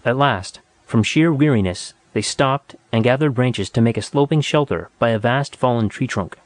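A man reading a story aloud in a steady, measured narration. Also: medium pitch, no echo. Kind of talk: audiobook narration.

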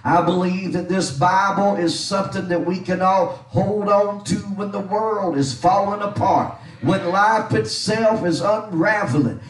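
A middle-aged pastor preaches a sermon in a fairly high voice, reading scripture and calling on the congregation to repeat after him. He is recorded from a distance in an echoey church sanctuary. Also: steady tone, unhurried, hardly any pauses. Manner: preaching with scripture recitation and call-and-response. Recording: echoey church hall from far off.

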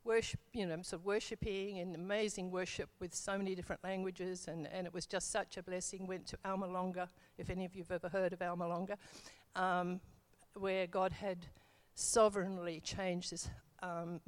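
A woman's voice: on the low side, little pitch movement, moderate pace, few pauses. Woman sharing a rambling church testimony. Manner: rambling, hesitant, with many fillers and self-corrections. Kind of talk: church testimony, casual storytelling.

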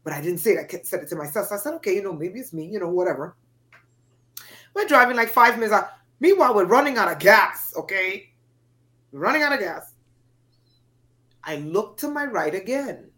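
A woman's voice: mid-range voice, expressive, fairly quick, long pauses, fairly bright tone. A woman from Trinidad and Tobago, a podcast guest, telling a dramatic personal story with emphatic, acted-out voices. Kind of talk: storytelling in an interview.

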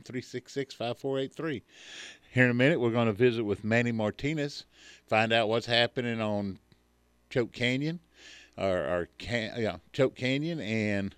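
A man's voice: mid-range voice, normal speed, pauses often, clean tone, dry recording. Guy hosting radio, folksy and chatty, dry studio mic. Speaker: radio show host. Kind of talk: casual radio chat. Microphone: studio microphone.

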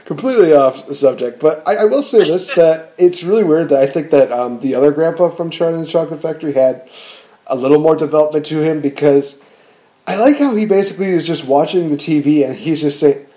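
Male podcast host, casual movie chat, warm, slightly raised voice, rambling delivery. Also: on the high side, brisk. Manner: rambling, animated, with frequent fillers and restarts.

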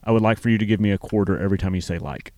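A man's voice: lowish voice, steady tone, very fast, a little mellow, dry recording. A man co-hosting a radio show, joking and teasing his co-host in a casual way, recorded in a mobile studio. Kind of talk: casual banter.

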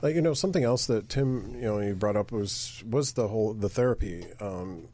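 Halting low-voiced male host. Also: warm tone. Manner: halting, many "um" and "you know". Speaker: podcast host. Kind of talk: interview questions.

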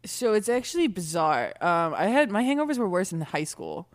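A young woman with a Boston accent co-hosting a podcast in a blunt, joking way. Her pitch moves a lot, and the recording sounds dry and close. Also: very animated, moderate pace, no room sound. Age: 20s. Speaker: podcast co-host. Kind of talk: casual chat.

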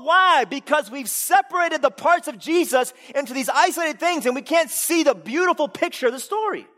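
A man preaching a sermon in a casual, conversational way, putting rhetorical questions to the congregation and swinging between loud emphasis and quiet asides. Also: very high-pitched, animated, normal speed, few pauses.

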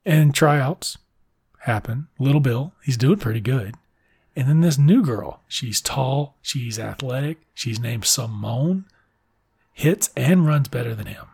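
Gravelly, sarcastic male podcast host. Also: mid-range voice, animated, a little mellow, no room sound, studio quality. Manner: sarcastic, rambling, swears a lot, quick asides. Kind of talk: profane comedic book recap.

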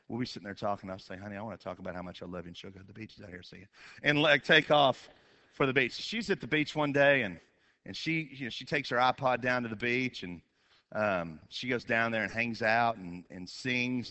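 Animated storytelling man, bright voice. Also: lowish voice. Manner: animated, with sudden shouted bursts and quick asides. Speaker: comedian. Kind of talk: storytelling stand-up.

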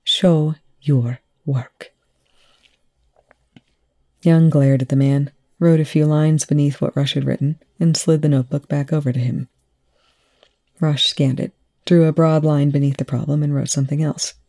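An audiobook reader narrating a story in a measured, even way. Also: mid-range voice. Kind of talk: fan fiction audiobook narration.

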